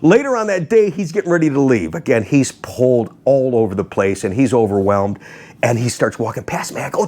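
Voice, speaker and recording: A man hosting a car channel, telling a story to his viewers in a casual, animated way, acting out quotes and laughing often. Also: mid-range voice, fairly quick. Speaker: host of a car video channel.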